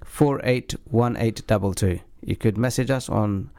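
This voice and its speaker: Hesitant male radio host, lowish voice. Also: a little slow, darkish tone, clear, resonant tone. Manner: hesitant, many fillers and restarts. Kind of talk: community radio talk show. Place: radio studio.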